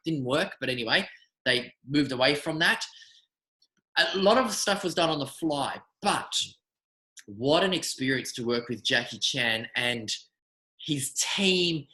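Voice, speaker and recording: A man, a magician, telling animated, rambling anecdotes in a casual interview. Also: fairly high pitch, unhurried, roomy sound, rough recording. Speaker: magician guest.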